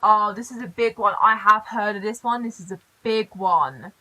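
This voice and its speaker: A young British woman casually reacting on camera to things she reads aloud, chatting with quick asides. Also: medium pitch, sharp tone, rough recording. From Britain. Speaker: reaction vlogger.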